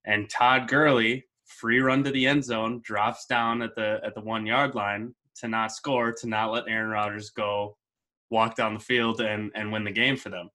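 A man co-hosting a casual sports chat, easygoing and quick to laugh. His voice sits fairly low but has a bright, sharp edge. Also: level tone. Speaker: sports podcast co-host.

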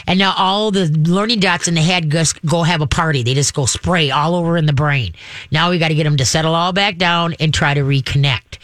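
Animated male dog trainer on radio. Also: fairly quick, no echo, clean studio sound. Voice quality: says he has a deep voice. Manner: animated, acts out dog and owner voices. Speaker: dog trainer hosting a call-in radio show. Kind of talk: call-in advice talk.

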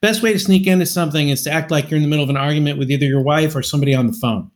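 A middle-aged man co-hosting a comedy podcast, rambling through anecdotes and breaking into shrill acted quotes. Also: rapid-fire. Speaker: podcast co-host. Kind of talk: casual comedic storytelling.

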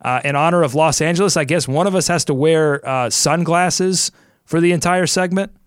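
A man's voice: a little high, normal speed, clean tone, dry recording, clean studio sound. A man hosting a sports podcast, reading an ad and chatting in an upbeat, jokey way while thinking aloud. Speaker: podcast host. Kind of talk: casual sports podcast chat and ad read.

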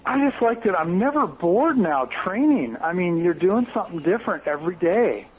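A man's voice: sits high, big pitch swings, moderate pace, breathy edge, phone-quality sound. A man from Oregon, a podcast guest chatting casually and enthusiastically about his training. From Bend, Oregon. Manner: upbeat, enthusiastic. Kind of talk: casual chat.

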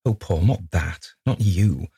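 A man's voice: deep voice, slow, vocal fry, mellow, breathy edge, dry recording, studio quality, heavily acted. A man reading a distraught young woman in an audiobook, pleading and breaking between laughter and sobs. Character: distraught young woman, sobbing, wounded pride.

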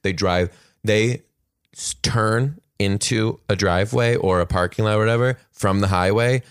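A man's voice: lowish voice, normal speed, smooth, no room sound, studio quality. A man in his thirties hosting a podcast, telling loose, rambling stories with many restarts in casual chat. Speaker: podcast host and comedian.

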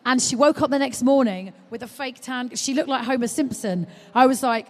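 Lively woman telling stories. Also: sits high, moderate pace, hardly any pauses, slight background noise. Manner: animated storytelling, acting out quotes. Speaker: guest, mother of a baby. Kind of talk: live podcast chat. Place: live stage at a large exhibition hall. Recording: long reverb of a large hall.

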